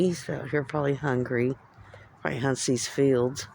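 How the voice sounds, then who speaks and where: A woman from Central California vlogging on a handheld phone outdoors at a train station after dark, musing aloud as she describes what she sees. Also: a bass voice, fairly even intonation, normal speed, vocal fry, slight background noise. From Central California, United States. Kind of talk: casual walking vlog, narrating what she sees.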